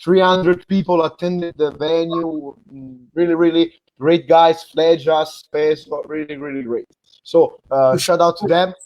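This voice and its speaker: A man from Italy with an Italian accent, hosting an interview over a video call in halting, filler-heavy English. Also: fairly high pitch, fairly even intonation, a little mellow, dry recording, lo-fi sound. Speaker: host. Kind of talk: interview chat.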